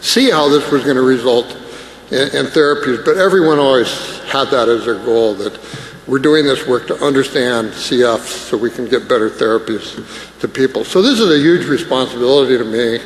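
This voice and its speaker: A man's voice: mid-range voice, moderate pace. A man, a scientist, giving an emotional, self-deprecating conference talk with jokes. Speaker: scientist speaker. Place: large conference hall. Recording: echoey hall with faint noise.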